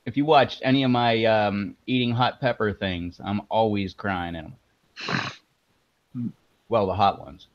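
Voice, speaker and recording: A man's voice: lowish voice, takes it slowly, pauses often, highs cut off. A man hosting a casual livestream, chatting and chuckling as he eats spicy chips with watering eyes. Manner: laid-back, chuckling while eating spicy chips. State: eyes watering from hot spice. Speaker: livestream host.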